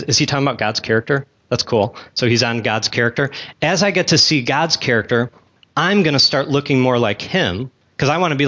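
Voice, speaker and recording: A man's voice: mid-range voice, a bit bright, highs cut off. Chatty man teaching a church class. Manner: conversational, chatty asides, asks the class questions; talks with gum in his mouth. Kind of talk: casual Bible teaching to a class.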